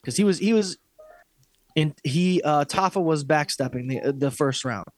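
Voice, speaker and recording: A man's voice: fairly high pitch, normal speed, no echo. A man co-hosting a fight podcast, talking in a blunt, profane, opinionated way in casual sports chat. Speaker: podcast co-host.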